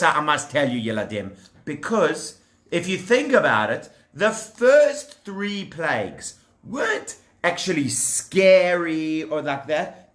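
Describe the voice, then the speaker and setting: Animated male storyteller for children with a high, bright voice, recorded in an echoey room. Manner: lively, animated, talks directly to the children with props.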